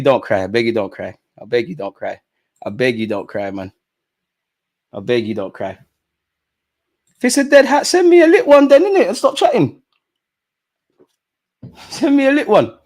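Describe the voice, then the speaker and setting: A young man with a London accent hosting a live football watch-along. He chats and banters with viewers in slang-heavy, playful talk. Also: fairly high pitch. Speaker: streamer host.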